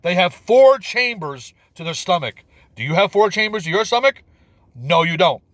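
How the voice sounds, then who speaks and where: Very animated and fairly bright, a male video commentator rants about a film at a moderate pace, with no room sound at all. His incredulous rambling is full of repetition and fumbled words, and his voice shoots up when he's exasperated.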